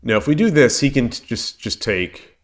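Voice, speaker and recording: A man's voice: medium pitch, animated, moderate pace. Congested man muttering through puzzles. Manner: muttering, hesitant, self-correcting. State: congested from a cold. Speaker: shogi streamer. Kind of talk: live-streamed puzzle solving, thinking aloud.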